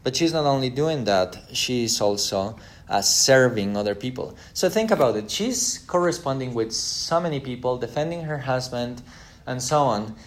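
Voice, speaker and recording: A man's voice: mid-range voice, lively intonation, normal speed. A man giving a history lecture: he reads an old letter aloud, then retells the story casually with acted-out quotes.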